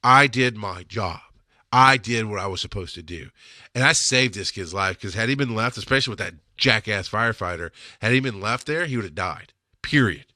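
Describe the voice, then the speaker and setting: A man's voice: on the low side, expressive, moderate pace, sharp tone, no room sound, studio quality. A man telling casual stories from his time as an emergency medic, blunt and emotional, swearing when he gets angry. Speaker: EMS instructor telling field stories. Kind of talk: casual storytelling.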